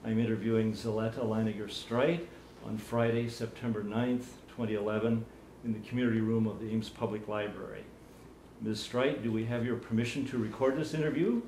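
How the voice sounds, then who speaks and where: A man working as an archivist, conducting an oral history interview in a formal, measured way in a library community room. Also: fairly low pitch, fairly even intonation, darkish tone. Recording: roomy room, faint background noise.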